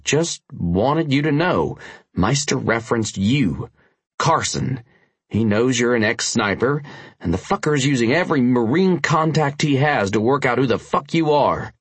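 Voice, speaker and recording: An urgent young biker man, pitched well above the narrator's own deep register, as a male reader puts him on. He presses his warnings in a rushed, keyed-up way. The audiobook's recording is close and dry. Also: sing-song, husky, no echo. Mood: pressing.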